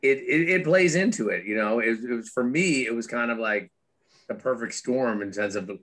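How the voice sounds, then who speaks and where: A middle-aged man, an author and former Wall Street trader, speaks candidly as an interview guest, animatedly telling stories with many restarts and fillers. His mid-range voice is a bit bright and moves at normal speed.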